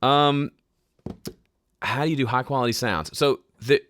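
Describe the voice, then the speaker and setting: A man hosting a casual live question-and-answer podcast, with a smooth, polished speaking voice and a relaxed, conversational way of explaining. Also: mid-range voice, unhurried. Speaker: host answering viewer questions. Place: home studio.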